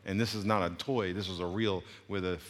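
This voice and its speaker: Middle-aged man, preacher, animated sermon storytelling, loud-to-quiet swings, long hall reverb. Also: low voice, fairly quick. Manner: animated, swinging between loud bursts and quiet asides, laughing often. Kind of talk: sermon with anecdotes.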